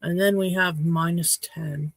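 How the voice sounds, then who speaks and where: Woman, livestream host, unhurried, dry close sound, rambling chat, slightly hoarse. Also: fairly low pitch, fairly even intonation, dry recording. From Saskatchewan, Canada. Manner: rambling, chatty and frank. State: slightly hoarse throat after choking. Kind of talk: casual chat to a live audience. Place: home.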